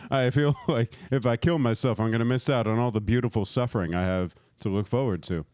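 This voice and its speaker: A man's voice: mid-range voice, brisk, darkish tone, clear, resonant tone, dry recording. A man in his thirties doing a profane, rambling stand-up set, laughing at his own jokes and working the crowd. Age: 30s. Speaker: stand-up comic.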